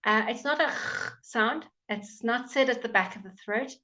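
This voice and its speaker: A woman's voice: fairly high pitch, moderate pace, pushed and bright. A woman with an English accent teaching pronunciation in a live online lesson, patiently drawing out example words for learners to repeat. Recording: dull lo-fi stream audio.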